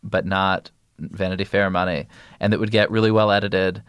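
A man's voice: deep voice, normal speed, clear, resonant tone, dry recording, muffled recording. A man talking as an interview guest in a podcast, rambling and restarting his sentences as he explains things at length. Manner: rambling, self-interrupting, animated storytelling. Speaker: guest, news editor.

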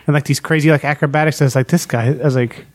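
A man's voice: a little high, steady tone, racing, no room sound. A man chatting casually on a podcast, rambling and filling his talk with "like". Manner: rambling, full of "like". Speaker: podcast co-host. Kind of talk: casual chat.

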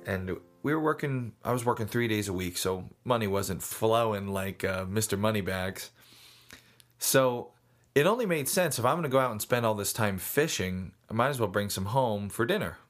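A man giving a casual, folksy how-to talk on fishing, mixing in stories. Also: lowish voice. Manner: folksy, storytelling. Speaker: fishing instructor.

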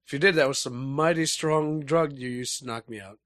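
Hoarse man joking on a gaming podcast. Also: on the high side, brisk, fairly bright tone, no echo, clean studio sound. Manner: joking, playful. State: hoarse from being sick. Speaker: podcast co-host. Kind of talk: casual gaming podcast chat.

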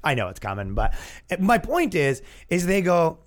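Male podcast host, comedian, slightly high voice, very lively pitch, profane, yelling tone, casual rant. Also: normal speed.

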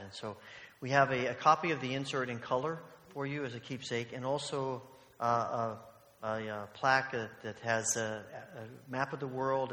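A man with a bright, forward voice gives relaxed, matter-of-fact announcements with frequent little hesitations. The sanctuary around him is roomy, with a long reverb trailing his words. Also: medium pitch. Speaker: church leader giving announcements. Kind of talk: church announcements. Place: church sanctuary.

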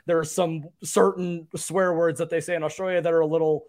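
A man's voice: fairly high pitch, flat delivery, fairly quick, darkish tone. A young man co-hosting a casual sports podcast, chatty and self-deprecating, laughing often. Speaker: podcast co-host.

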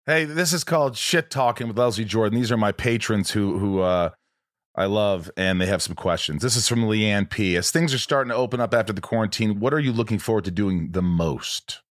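A man hosting a casual interview, blunt and quick to swear. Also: lowish voice, dry recording, studio quality. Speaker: podcast host.

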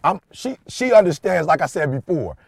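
Middle-aged man telling a lively story. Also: a little high, normal speed, gravelly, slightly rough, no echo, clean studio sound. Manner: animated storytelling, slangy and emphatic. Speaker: podcast co-host. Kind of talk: casual chat.

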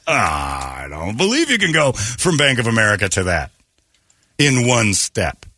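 A man hosting a morning radio show, telling jokey stories with loud put-on impressions. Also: fairly low pitch, wildly swooping pitch, measured pace, no echo. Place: radio studio.

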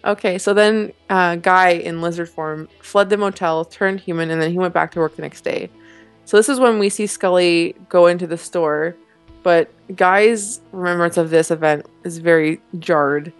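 A woman's voice: lowish voice, moderate pace, smooth, faint music behind. A young woman co-hosting a podcast, casually recapping a TV episode with a giggly, rambling manner full of fillers. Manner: chatty, giggly, lots of fillers and likes. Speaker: podcast co-host.

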